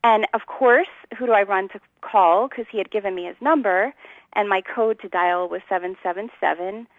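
The audio is narrow and tinny with no room sound as a woman at medium pitch and normal speed tells her testimony in earnest. Laughing a lot, she voices the people from her story as she goes.

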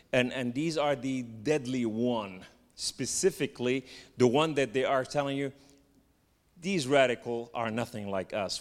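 Lebanese-accented preacher in reverberant hall. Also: male voice, medium pitch. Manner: halting, joking, repeats fillers like "and so therefore". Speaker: guest preacher. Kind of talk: sermon. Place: church sanctuary.

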